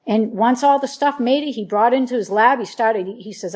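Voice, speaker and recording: A woman with a slightly high voice tells her story in a loose, earnest, rambling way. She keeps slipping into quoted back-and-forth as she talks through it, with plenty of restarts and fillers. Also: a little fast, hardly any pauses, a little mellow. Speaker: interview guest. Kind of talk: casual spoken testimony.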